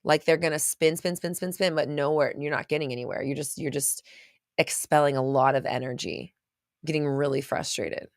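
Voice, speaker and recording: A woman's voice: low voice, fairly even intonation, moderate pace, no room sound, clean studio sound. A woman host talking casually to a live chat, rambling with many restarts and at times getting choked up. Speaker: podcast host.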